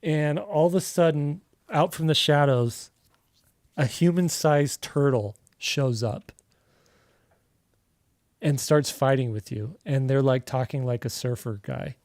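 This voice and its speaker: A man's voice: medium pitch, takes it slowly, darkish tone, no echo, clean studio sound. A man hosting a live drawing stream, chatting casually and telling a long rambling story full of fillers. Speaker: artist livestream host. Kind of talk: casual livestream chat while drawing.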